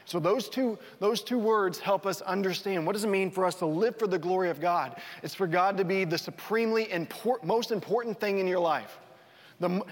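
Man preaching, pastor, conversational, repeats words, softens for emphasis, fairly high voice, echoing church hall. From North Texas. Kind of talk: sermon. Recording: reverberant hall.

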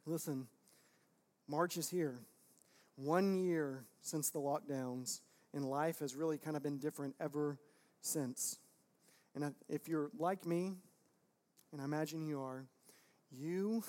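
A man's voice: on the high side, unhurried. Fiery preacher man, rising and falling. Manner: swings between quiet intimacy and loud emphatic outbursts. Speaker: pastor. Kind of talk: sermon.

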